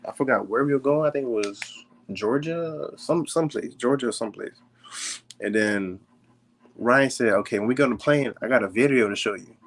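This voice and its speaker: Young male guest, relaxed slangy talker with a mid-pitched voice. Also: fairly quick. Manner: laid-back, slangy, lots of "like" fillers. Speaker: podcast guest, fighter. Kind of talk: casual podcast chat.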